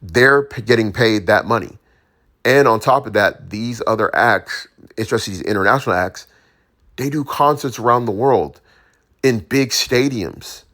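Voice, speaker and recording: A man with a lowish voice talks through his opinions in a loose, conversational monologue. He speaks in slang, restarts sentences, and keeps turning to the listener with asides. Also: normal speed, fairly bright tone. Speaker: commentator.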